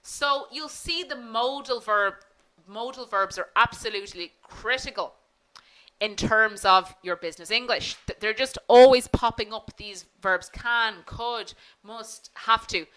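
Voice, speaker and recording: A woman's voice: a little high, a little slow, sharp tone, poor audio. A woman teaching an online business English class, polite and encouraging, acting out example phone phrases.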